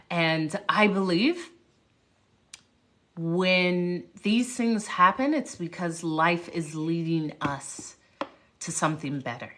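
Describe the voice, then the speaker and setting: A woman speaker telling a personal story on a livestream, lively and full of asides to viewers. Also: lowish voice, slow pace. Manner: animated, jumps around, greets viewers. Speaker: motivational speaker, livestream host.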